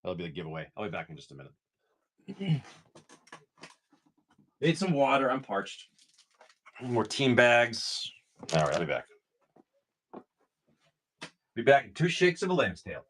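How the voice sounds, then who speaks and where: A man's voice: medium pitch, very animated, unhurried, pauses often, a bit bright, slight background noise. A man hosting a casual livestream, rambling through stories full of "like" while opening trading cards. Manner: rambling storyteller, lots of "like".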